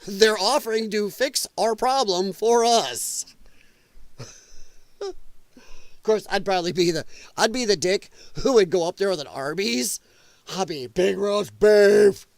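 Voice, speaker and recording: A man's voice: high-pitched, animated, unhurried, long pauses, dry recording. A man hosting a casual commentary show, with heavy audible breathing and mocking, laughing asides. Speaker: host.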